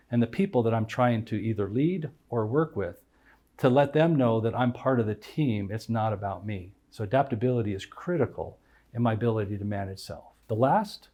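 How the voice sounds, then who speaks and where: A man's voice: mid-range voice, mellow. A middle-aged man giving an instructional talk as a teacher, laying out numbered points one by one and explaining each with a personal story. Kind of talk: instructional talk on emotional intelligence.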